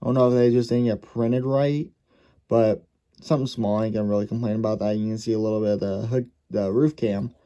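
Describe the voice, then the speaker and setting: A man's voice: on the low side, steady tone, fairly quick, mellow, highs cut off. A man casually reviewing a model race car, thinking aloud and correcting himself as he goes.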